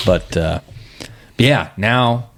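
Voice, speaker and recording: Male host, thirties, low voice, easygoing storyteller. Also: very slow, vocal fry, a bit bright, no room sound. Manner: storytelling, laughs often. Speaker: podcast host. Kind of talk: casual chat.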